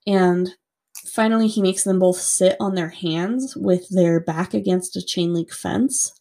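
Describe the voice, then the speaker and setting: A woman with a somewhat low, warm, mellow voice tells a true-crime story in a loose, conversational way. She fills her talk with "like" and swears without hesitation. The delivery is relaxed chat between co-hosts rather than scripted narration. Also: measured pace, creaky. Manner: chatty, lots of "like", swears freely.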